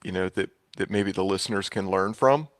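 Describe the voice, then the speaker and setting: A man's voice: low-pitched, brisk, no room sound, clean studio sound. A man hosting a casual interview, asking hesitant questions with frequent restarts. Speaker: podcast host.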